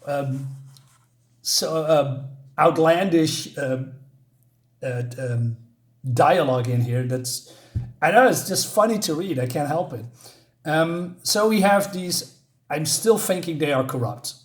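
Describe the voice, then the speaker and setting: Guy rambling through a comic review, amused, lots of ums, voice a bit high. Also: expressive, slow, pauses often. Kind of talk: casual spoken review.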